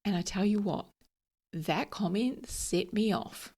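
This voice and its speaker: A woman's voice: mid-range voice, slow pace, a little mellow. A woman in her thirties hosting a solo podcast, chatty and candid, laughing at herself and searching for words. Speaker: podcast host. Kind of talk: casual solo podcast talk.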